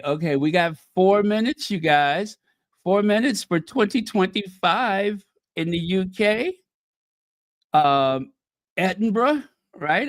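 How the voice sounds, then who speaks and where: A man chats on a livestream in a high voice, unhurried but easily excited. He greets viewers by name and laughs often, and the sound is dry and close, with no room echo. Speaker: livestream host. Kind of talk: casual live-stream chat.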